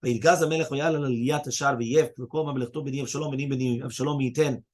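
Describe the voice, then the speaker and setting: A man with a medium-pitched voice leads a relaxed Talmud class. He moves briskly through each passage, explaining it and reading aloud quotations in Hebrew and Aramaic.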